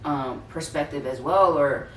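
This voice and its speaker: A woman's voice: deep voice, a little slow, fairly bright tone. A woman co-hosting a podcast, speaking earnestly in casual conversation, rambling with many fillers. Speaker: podcast co-host. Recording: roomy, distant, faint noise.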